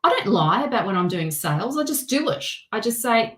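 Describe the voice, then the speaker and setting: A woman's voice: a little high, big pitch swings, a little fast, hardly any pauses, roomy sound, soft background music, rough recording. A woman doing a casual tarot reading, talking candidly to viewers by name, with frequent laughs and swearing. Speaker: tarot reader.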